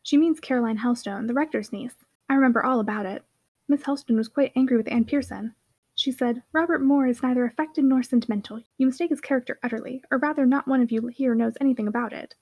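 A woman voicing a lively, charming little girl who chatters eagerly in a storybook reading. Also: a little high, fast, highs cut off.

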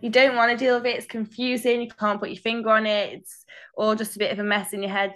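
A woman's voice: a little high, little pitch movement, fast, a bit bright. A young woman co-hosts a casual podcast chat. She talks freely and laughs easily. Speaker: podcast co-host.

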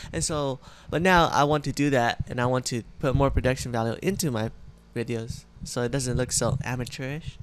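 A man's voice: mid-range voice, smooth. A young man chatting casually in a vlog, rambling with lots of fillers, his speech slightly muffled by retainers. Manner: rambling, filler-heavy, self-correcting. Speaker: vlogger.

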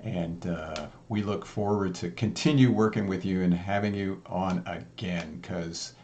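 A man's voice: low voice, a little slow, darkish tone, dull audio, a little hiss or hum. A man hosting a casual chat, speaking sincerely and gratefully. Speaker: host.

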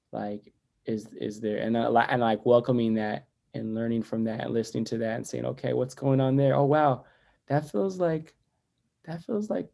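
A man with a gravelly, mid-pitched voice talks as a guest on a podcast. He speaks thoughtfully with many filler words, and his voice drops soft and quiet when he turns inward. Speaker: guest, poet and educator. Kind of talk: reflective podcast interview.

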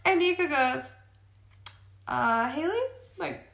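A woman's voice: high voice, animated, slow, gravelly, a bit bright. A woman in her thirties, hosting a podcast, telling a story in casual chat, swearing often and laughing as she talks. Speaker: podcast co-host. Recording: echoey room.

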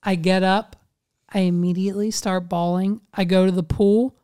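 A man hosting a casual chat, telling a story in an animated way and swearing constantly. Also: high voice, normal speed, smooth.

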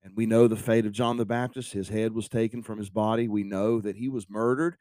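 A man's voice: on the low side, steady tone, a little fast, warm tone, no room sound. A man preaching an earnest devotional sermon on a podcast, repeating phrases for emphasis.

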